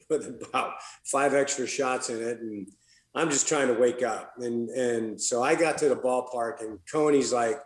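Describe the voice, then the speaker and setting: A man guesting on a podcast, telling a casual, profane story, laughing and acting out what others said. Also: medium pitch. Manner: profane, laughing, acts out quoted dialogue. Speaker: podcast guest, former pitcher. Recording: roomy echo.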